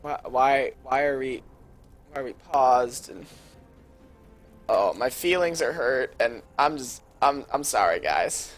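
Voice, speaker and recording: Young student caster rambling thru a game pause, lots of ums, kinda self-deprecating, faint music behind. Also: mid-range voice, lively intonation. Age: young adult. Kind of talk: casual rambling commentary during a pause.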